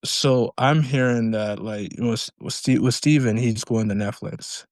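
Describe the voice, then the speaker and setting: A man's voice: mid-range voice, unhurried, a little mellow, no room sound. Hesitant man, stammering in casual chat. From Canada. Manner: hesitant, stammering, lots of backchannel agreement. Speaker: podcast co-host.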